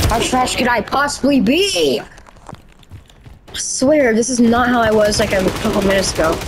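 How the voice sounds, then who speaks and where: A woman's voice: a little high, background noise. A woman commenting on her own gameplay in a frustrated way, swearing often and complaining about her misses. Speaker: gamer. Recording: loud gunfire game audio behind voice.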